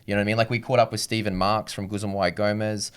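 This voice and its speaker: Young aussie guy, lowish voice, talks fast, earnest, keeps repeating himself. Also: level tone, clean tone. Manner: earnest, reflective, repeats phrases. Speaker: business founder guest. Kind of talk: casual interview chat.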